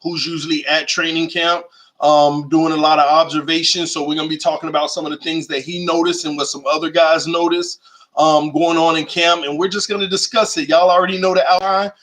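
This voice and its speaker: Young man, fan stream host, slangy, excitable, slightly high voice. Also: brisk. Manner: excitable, shouts and sings out, slangy. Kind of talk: live-stream sports fan talk.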